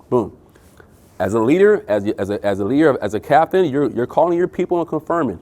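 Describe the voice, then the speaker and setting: A man giving an energetic sales training talk, often tossing in "right?" and "guys" to the listeners. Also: mid-range voice, a little fast.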